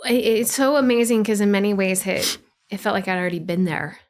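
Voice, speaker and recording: A woman's voice: mid-range voice, brisk. Heartfelt woman guest speaking emphatically. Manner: heartfelt, emphatic, uses repeated phrasing. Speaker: podcast guest. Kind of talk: casual conversational interview.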